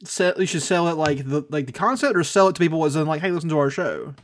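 A man's voice: a little high, animated, fast talker. A man co-hosts a casual comedy podcast, cursing freely as he rants. He drops into mocking quoted voices to make his points. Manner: profane, ranting, does mocking quoted voices. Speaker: podcast co-host. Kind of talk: casual comedic political chat.

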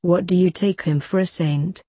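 A woman reading as a croaking old reaper lord. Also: lowish voice, fairly even intonation, normal speed, warm tone, no echo, studio quality, natural voice. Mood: sly. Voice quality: croaking, hissing.

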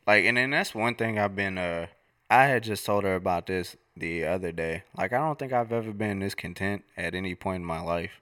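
A man's voice: sits low, a little fast, bright, forceful tone, dry recording, clean studio sound. A young man co-hosting a podcast, telling stories in casual slangy chat. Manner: laid-back slangy storytelling. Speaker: podcast co-host.

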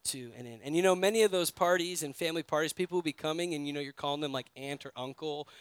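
A man from New York preaches a sermon in a high, smooth, resonant voice. He tells stories in a conversational way and often turns to his listeners with direct questions. The recording is dry and close. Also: fast, dry recording. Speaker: pastor.

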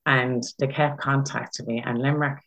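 A guest telling personal stories in casual conversation, chatty and animated, with frequent fillers. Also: medium pitch, normal speed, muffled recording. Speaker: interview guest, Pride chairperson.

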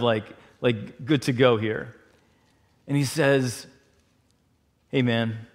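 A man telling a personal story in a chatty, animated way, full of fillers. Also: mid-range voice. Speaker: speaker. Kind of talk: storytelling talk.

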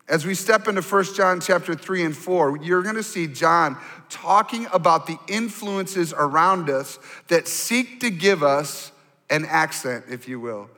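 A male pastor preaching a sermon to his congregation in an animated, conversational way, asking the audience to turn to their neighbors. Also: on the high side. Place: church sanctuary. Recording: long hall reverb.

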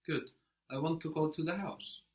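A man's voice: on the high side, normal speed. A man teaching a language lesson, patiently prompting a learner and giving short praise.

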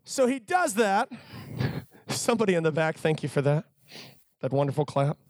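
A man preaching a sermon to a youth crowd, telling stories in an animated, joking way. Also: fairly high pitch, normal speed, dry recording.

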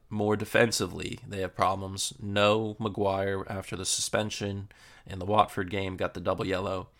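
A young man hosting a casual football podcast, previewing matches in a relaxed way with lots of fillers. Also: on the low side, gravelly. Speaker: podcast host.

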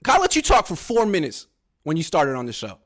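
A man, a sports journalist, pushing back in a heated casual debate with quick, defensive rebuttals and bursts of laughter. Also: a little high, wildly swooping pitch, a bit bright. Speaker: sports journalist covering the team.

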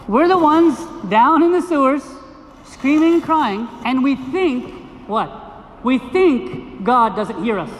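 A priest giving a sermon at a liturgy, preaching with rhetorical questions, repetition and storytelling to the congregation. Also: male voice, very high-pitched. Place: gym used for a liturgy. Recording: echoey gym with long reverb and faint noise.

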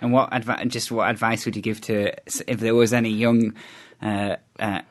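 A man's voice: fairly low pitch, little pitch movement, normal speed. A man hosting a casual radio interview, chatty and rambling, often breaking into laughs. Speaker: radio host.

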